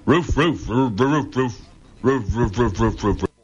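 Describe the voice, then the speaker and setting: A man's voice: mid-range voice, a little slow, a little mellow, lo-fi sound. A man reading a jokey radio commercial, chanting and barking repeated words. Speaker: ad announcer.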